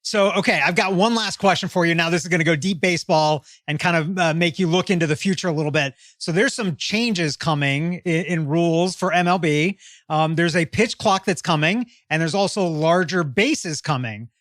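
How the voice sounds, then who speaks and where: A man's voice: a little high, normal speed, a bit bright, no echo, studio quality. A middle-aged man hosting a podcast, asking long, friendly framing questions and affirming often. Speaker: podcast host. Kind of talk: interviewing.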